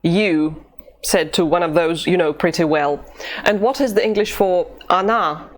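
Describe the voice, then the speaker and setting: A woman teaching an online language lesson, pronouncing drill phrases slowly and deliberately. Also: lowish voice. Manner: slow, deliberate drill pronunciation.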